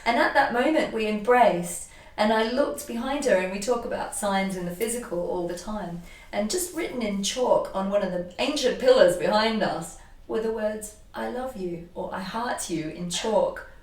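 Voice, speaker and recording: A woman energy healer telling a personal story in an animated, emotional way, often restarting her sentences. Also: medium pitch, moderate pace. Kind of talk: casual conversation, personal storytelling. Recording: echoey room, voice from a distance.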